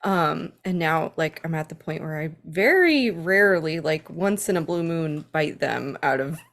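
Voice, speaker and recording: A woman's voice: low voice, animated, unhurried, fairly bright tone. A woman hosting a podcast interview, friendly and giggly, sometimes losing her train of thought. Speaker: podcast host. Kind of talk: casual interview chat.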